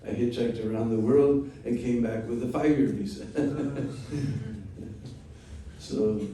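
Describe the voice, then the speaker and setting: A man's voice: medium pitch, steady tone, dark tone, distant mic, a little hiss or hum. Man telling a story in an echoey room. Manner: unhurried, with frequent "hmm?" check-ins. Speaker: spiritual teacher. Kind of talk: storytelling class.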